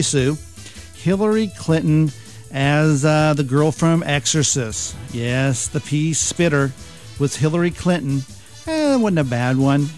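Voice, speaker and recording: A man's voice: fairly high pitch, a little mellow. A man hosting a talk radio countdown, chuckling and joking with mocking asides. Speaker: radio talk show host.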